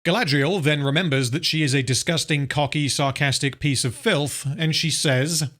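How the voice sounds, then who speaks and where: A man's voice: on the high side, moderate pace, fairly bright tone, a little hiss or hum. A man reading a scripted, sardonic review, scathing and openly profane in his criticism. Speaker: film reviewer.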